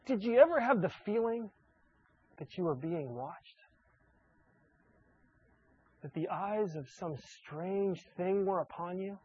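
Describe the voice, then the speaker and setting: A man voicing a wisecracking cartoon rabbit, telling a spooky tale in a teasing, hushed way. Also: sits high, expressive, slow pace, pauses often, breathy edge, lo-fi sound, full character voice. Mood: sly spooky.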